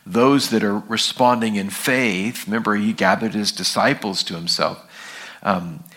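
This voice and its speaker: A man's voice: on the low side, fairly bright tone. A man pastor teaching an evening sermon, reading scripture and asking the congregation questions in a conversational way.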